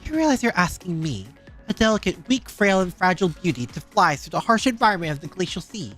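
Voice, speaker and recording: A woman's voice: on the low side, sing-song, quick pace, a bit bright, faint music behind. A woman voicing a dramatic, self-pitying girl club president in a game scene.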